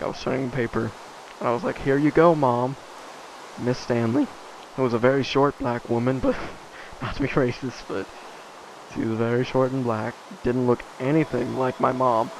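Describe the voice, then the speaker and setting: Creaky-voiced man rambling casually. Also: mid-range voice, a little hiss or hum, low-quality recording. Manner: rambling, many fillers, self-interrupting asides. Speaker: vlogger.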